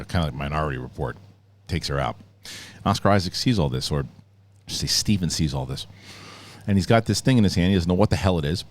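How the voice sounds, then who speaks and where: Male host, deep voice, casual rambling reviewer who retells scenes with energy. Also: fairly quick, long pauses. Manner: rambling, restarts often, animated retelling.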